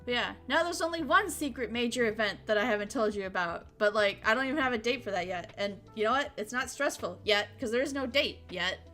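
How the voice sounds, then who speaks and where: A woman's voice: fairly high pitch, animated, fairly quick, few pauses, sharp tone, soft background music. A young woman streaming in casual chat, talking frankly, swearing freely and laughing often.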